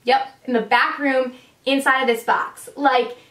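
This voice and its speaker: A young woman tells a story in a chatty vlog style, filling her talk with casual fillers. Her voice sits a little high. She sounds set back from the mic in a roomy, echoing space. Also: steady tone, unhurried, fairly bright tone. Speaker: vlogger. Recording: echoey room, distant mic.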